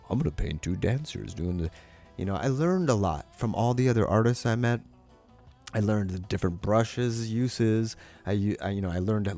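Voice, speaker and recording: A man, a live painter, talking in a rambling, animated way and acting out quotes in high voices. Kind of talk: casual monologue.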